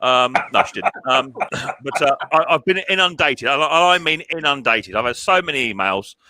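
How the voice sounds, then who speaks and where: A man's voice: mid-range voice, expressive, normal speed, pushed and bright, low-quality recording. A middle-aged man hosting a casual live stream chat, chatty and often stumbling over repeated words.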